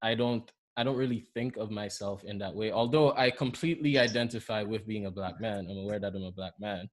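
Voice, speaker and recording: A man's voice: fairly low pitch, a little fast. A man from Saint Lucia with a Saint Lucian accent, telling stories animatedly in a casual podcast chat and often laughing as he talks. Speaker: podcast co-host.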